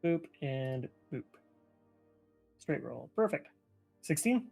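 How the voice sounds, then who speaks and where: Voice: medium pitch, sing-song, slow pace, vocal fry, a little mellow, soft background music. A player in a tabletop game, easygoing and chatty while rolling dice. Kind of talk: casual tabletop play.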